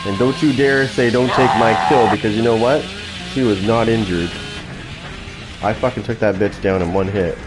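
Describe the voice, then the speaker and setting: A man's voice: on the low side, steady tone, normal speed, background noise. A man giving profane, trash-talking commentary while playing a video game, taunting opponents. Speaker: gaming channel host. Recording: loud game sounds behind.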